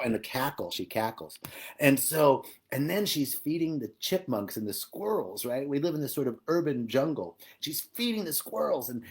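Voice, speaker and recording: Animated, laughing spiritual teacher man. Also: a little high. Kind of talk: live-streamed spiritual talk.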